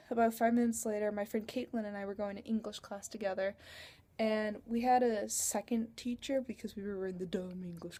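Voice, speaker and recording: A woman's voice: mid-range voice, dark tone. A teenage girl telling a story in a casual, rambling vlog on a computer webcam, with giggles along the way. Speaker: vlogger.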